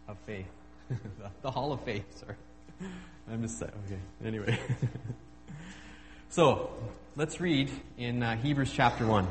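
Preacher in a reverberant hall. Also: male voice, mid-range voice, steady tone, a little hiss or hum. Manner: informal, halting, with self-deprecating humor. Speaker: guest preacher. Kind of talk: sermon.

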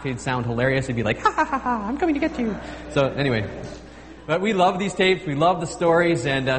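Preacher in a reverberant hall. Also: male voice, medium pitch. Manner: informal, halting, with self-deprecating humor. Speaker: guest preacher. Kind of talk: sermon.

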